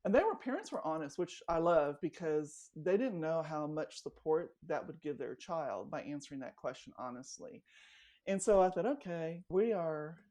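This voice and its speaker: Animated woman telling a story. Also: low voice, normal speed. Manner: animated storyteller, acts out quoted dialogue. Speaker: guest, life coach. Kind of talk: casual interview storytelling.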